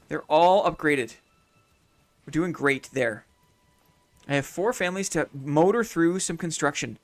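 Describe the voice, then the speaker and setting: A man with a fairly high voice streams a city-building game, thinking aloud in casual commentary. He repeats his own phrases and chats with viewers between moves.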